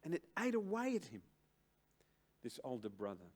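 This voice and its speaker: An older man preaching a sermon to a church congregation, slow and emphatic, with dramatic pauses and big swings between loud and soft. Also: medium pitch, wildly swooping pitch, slightly rough. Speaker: pastor. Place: church service.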